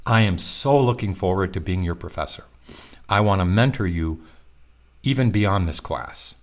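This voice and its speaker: A middle-aged male college professor with a slightly rough morning voice, talking students through an online course in a conversational, reassuring way with fillers and restarts. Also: low-pitched, expressive, normal speed. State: morning voice, clearing throat. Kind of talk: recorded online course walkthrough.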